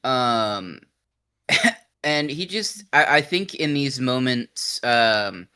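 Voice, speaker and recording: Slow, thoughtful player with a smooth voice. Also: male voice, medium pitch, animated, bright, forceful tone. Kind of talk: tabletop game play.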